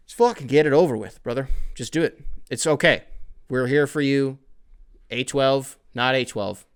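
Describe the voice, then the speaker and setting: A young man hosting a podcast, ranting casually and rambling with profanity and quick asides. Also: medium pitch, a bit bright, smooth. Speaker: podcast host. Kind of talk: casual comedic rant.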